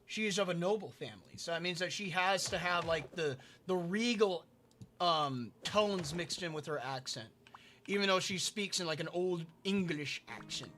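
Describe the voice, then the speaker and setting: High, bright-voiced male game streamer. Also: normal speed. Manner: muttering to himself while building, answering chat. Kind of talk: casual livestream chat while playing.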